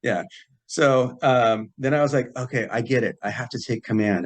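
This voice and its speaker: A man, a podcast guest, telling a personal story in a relaxed way and acting out the quoted dialogue. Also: mid-range voice, normal speed. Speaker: podcast guest, psychic healer. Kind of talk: casual storytelling.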